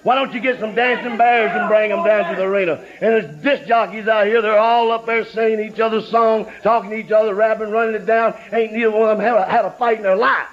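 A man's voice: sits high, steady tone, fast talker, few pauses. A man cutting a boastful, taunting wrestling promo in an archival interview. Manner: boastful, taunting, repetitive threats. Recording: lo-fi old TV audio with crowd.

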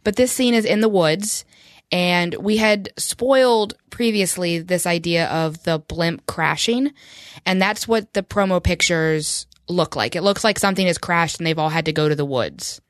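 A woman with a fairly low voice chats casually as a podcast co-host, wry and quick to laugh. The sound is close and dry, with no room around it. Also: no echo. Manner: chatty, wry, laughs often. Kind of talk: casual fan podcast chat.

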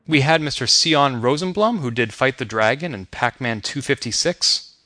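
Guy hosting a podcast, chatty, bright voice, real dry sound. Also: mid-range voice, animated, moderate pace, dry recording. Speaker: podcast host. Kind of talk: interview podcast.

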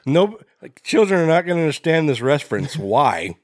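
Lively, swearing young man co-hosting. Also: a little high, fast, no room sound, studio quality. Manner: loose and swearing, animated rants. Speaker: podcast co-host. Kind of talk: casual chat.

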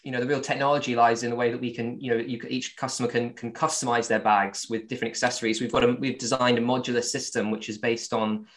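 A man's voice: medium pitch, level tone, fast talker, hardly any pauses, fairly bright tone. A man with a Southern English accent, a company founder answering interview questions casually, with many fillers and restarts. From born in Virginia, raised with English accent.

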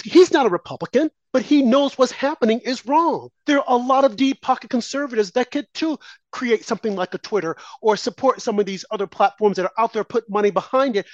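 A man's voice: high voice, dry recording, highs cut off. A man hosting a political talk show, preaching his point through strings of rhetorical questions that climb toward exclamations. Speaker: show host.

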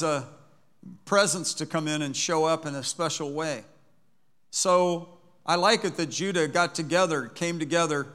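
A man with a high, bright voice preaches to his congregation in a church. He reads scripture aloud and builds into emphatic, rising declarations. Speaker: pastor. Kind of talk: sermon.

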